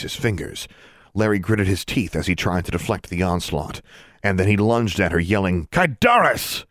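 A man narrates a fantasy novel in a low, deep voice with a steady storytelling rhythm. The recording is dry and close, with no room echo. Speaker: audiobook narrator. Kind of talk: scripted narration.

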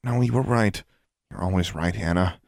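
A man voicing a defiant young schoolgirl witch in an audiobook, lifting his deep voice higher. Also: normal speed, gravelly, darkish tone, dry recording, studio quality. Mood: earnest.

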